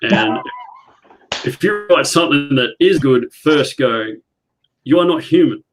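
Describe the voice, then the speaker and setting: A man's voice: a little high, expressive, measured pace, rough recording. Earnest man on a video call. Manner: earnest, explains with analogies. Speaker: writer on a panel. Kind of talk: casual video call chat.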